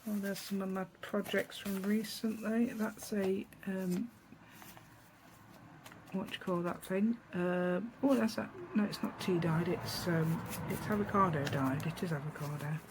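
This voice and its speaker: Woman with East Midlands accent, craft tutorial chat, gravelly voice, faint room hiss. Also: medium pitch, steady tone, unhurried, rough recording. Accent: East Midlands English. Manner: chatty, rambling, asks tag questions, laughs often.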